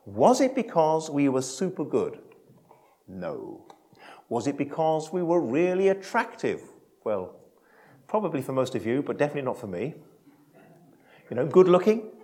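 Animated British-style preacher man. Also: on the high side, moderate pace, pauses often. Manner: animated, swings from loud emphasis to quiet asides; self-deprecating humour with the congregation. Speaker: pastor. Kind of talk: sermon. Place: church service.

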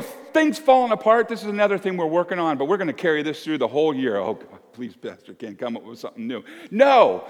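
A man's voice: sits high, long reverb tail. A man in his fifties preaching as a pastor, folksy and emphatic, asking one question after another. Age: 50s. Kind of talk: sermon. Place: church.

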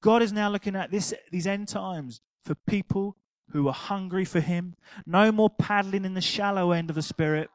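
An older man preaching a sermon, telling an anecdote with laughter and animated asides. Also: high-pitched, normal speed, hardly any pauses, dry recording, poor audio. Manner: animated storytelling, laughing at his own anecdote.

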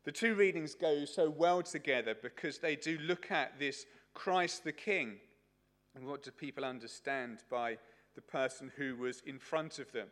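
A man's voice: fairly high pitch, normal speed, fairly bright tone. A man preaching a sermon at a church service, telling a story in a chatty way with many fillers.

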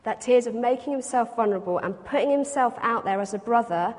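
A woman's voice: a little high, brisk, darkish tone. A woman preaching a reflective sermon, reading scripture aloud and explaining it to a congregation. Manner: reflective, reads scripture aloud then expounds. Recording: long hall reverb.

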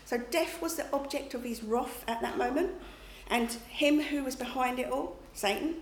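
A woman's voice: high-pitched, normal speed. A middle-aged woman giving a conversational sermon, often checking in with her listeners. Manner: chatty, checks in with listeners with "okay?" and "you know". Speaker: preacher. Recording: echoey room, faint background noise.

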